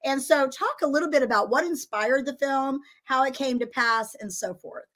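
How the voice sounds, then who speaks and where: Casting: bubbly middle-aged woman host, high-voiced, chatty and gushing. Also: moderate pace, a bit bright. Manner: enthusiastic, chatty, laughs often. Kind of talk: casual live broadcast interview.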